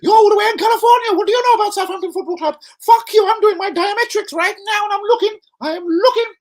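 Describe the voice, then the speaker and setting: A man putting on a mocking voice of a boastful, unhinged male football manager who rants and swears. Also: fast talker. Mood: furious. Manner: shrill, swearing, self-aggrandizing tirade.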